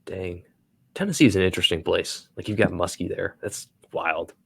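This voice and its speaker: A man co-hosting a casual live stream, reacting in a low-key way and sometimes telling short stories. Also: normal speed, gravelly, a bit bright, husky.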